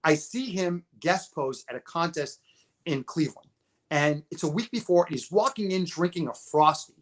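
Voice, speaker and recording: A man's voice: a little high, normal speed. A man in his fifties, a podcast guest, telling stories in casual conversation, acting out quotes and repeating words as he goes. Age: 50s. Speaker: podcast guest, bodybuilding promoter. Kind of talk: casual storytelling interview.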